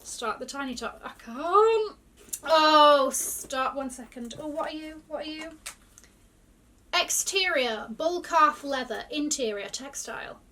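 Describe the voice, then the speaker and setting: A woman vlogger chatting excitedly through an unboxing, gasping and gushing. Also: sits high, unhurried, distant mic, a little hiss or hum. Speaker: luxury fashion vlogger. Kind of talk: casual unboxing chat.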